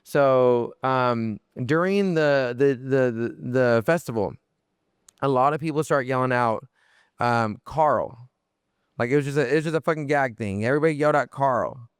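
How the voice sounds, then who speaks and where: Smooth-voiced young man telling a story. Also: medium pitch, moderate pace, no echo, studio quality. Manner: animated, lots of fillers and restarts, swears freely. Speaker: podcast guest. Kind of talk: casual storytelling.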